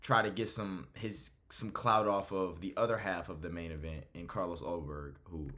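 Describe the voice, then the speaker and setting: This is a man in casual reaction commentary, sounding blunt and fed up, with frequent swearing. His voice sits fairly low. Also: fairly even intonation, moderate pace, bright, forceful tone. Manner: blunt and exasperated, swears freely. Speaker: MMA commentary host.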